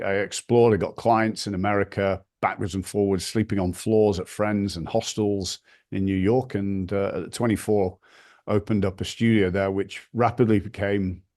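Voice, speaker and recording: A man from the north of England with a northern English accent, a podcast guest telling lively anecdotes and swearing casually. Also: fairly low pitch. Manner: animated anecdotes, acts out quoted voices, swears casually. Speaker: podcast guest, brand founder. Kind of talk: storytelling interview.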